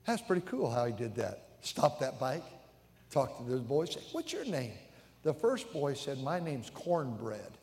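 With a medium-pitched, darkish voice that swoops wildly up and down, a seventy-something American pastor delivers a story-driven sermon at a moderate pace. He stammers and repeats words, performs the quoted voices, and the large sanctuary adds an echoing reverb.

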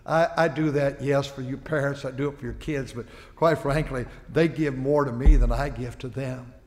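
Older preacher with a ringing church echo. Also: male voice, medium pitch, fairly even intonation, moderate pace. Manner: impassioned, swings from quiet to shouting. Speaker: pastor. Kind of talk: sermon. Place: church sanctuary. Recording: long reverb of a church hall.

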